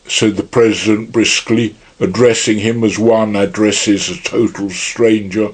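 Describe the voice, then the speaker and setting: A man narrating an audiobook in a measured, unhurried reading style. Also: on the low side, slightly rough. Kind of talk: scripted narration.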